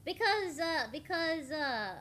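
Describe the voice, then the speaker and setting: A woman's voice: sits high, animated, slow, bright, forceful tone. A young woman from Norway with a near-American English accent, chatting animatedly on a stream, laughing often and rambling with restarts. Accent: near-American English with slight Norwegian traces. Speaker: VTuber streamer. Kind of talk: casual chat on a collab stream.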